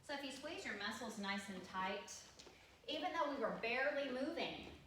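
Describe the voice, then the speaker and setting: A woman's voice: fairly high pitch, lively intonation, moderate pace, noisy background. A woman ballet teacher with a Texan accent, giving step-by-step cues while she demonstrates, a little out of breath. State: slightly out of breath. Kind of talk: online dance class instruction. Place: dance studio. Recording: echoey room from far off. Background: music playing.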